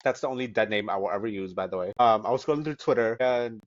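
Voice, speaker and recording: A man's voice: lowish voice, fast talker, no echo, muffled recording. A man co-hosting a podcast, talking in a rambling, filler-heavy, casual way. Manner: rambling, many fillers, giggly. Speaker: podcast co-host. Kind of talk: casual chat.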